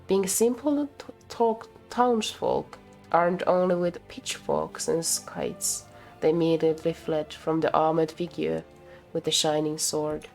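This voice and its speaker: Slow-reading woman streamer. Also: low voice, vocal fry, darkish tone, soft background music. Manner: slips, restarts and laughs at herself. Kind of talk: reading a story aloud on stream. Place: home streaming setup.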